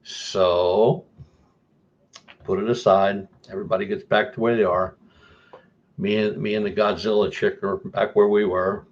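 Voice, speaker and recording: Low-voiced man telling a story. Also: measured pace, pauses often, lo-fi sound. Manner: animated, jumps to a higher voice for emphasis. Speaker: guest paranormal investigator. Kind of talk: casual storytelling.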